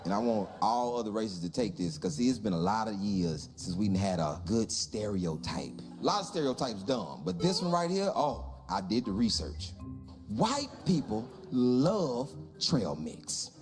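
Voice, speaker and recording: A man's voice: lowish voice, normal speed, few pauses, music in the background. A man performing stand-up comedy, telling a story and acting out the people in it in exaggerated voices. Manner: animated, acts out dialogue in exaggerated voices.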